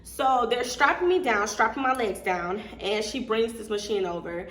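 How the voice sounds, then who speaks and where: A woman's voice: fairly high pitch, normal speed, a bit bright. A young adult woman vlogger casually telling a candid story, chatty and full of fillers and laughter. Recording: echoey room with faint noise.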